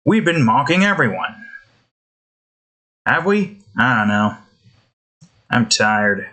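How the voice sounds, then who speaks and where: Casting: a slow, bright-toned male game streamer, rambling and sweary, full of restarts. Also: medium pitch, sing-song. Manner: rambling, self-interrupting, swears often. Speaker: game content creator. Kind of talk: gameplay commentary. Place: indoors.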